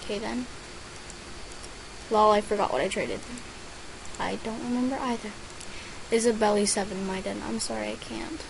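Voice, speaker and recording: Amid a noisy background, a teenage girl with a creaky, mid-range voice and lively intonation talks at normal speed, leaving long pauses. Recording her gameplay as a vlogger, she casually reads out players' names and messages and squeals over gifts.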